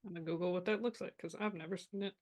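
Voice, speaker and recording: A man's voice: high voice, fairly even intonation, very fast, a crowd in the background. A man playing in a tabletop game, chatting casually with wry, curious quips. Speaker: player.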